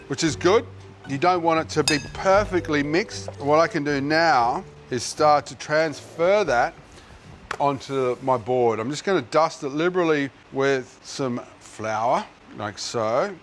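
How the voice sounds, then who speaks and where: A man's voice: fairly high pitch, a little slow, faint music behind. An Australian man hosting a cooking show, chatting in a friendly, jokey way as he works, on a lapel mic. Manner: friendly, jokey, thinks aloud while working. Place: kitchen set.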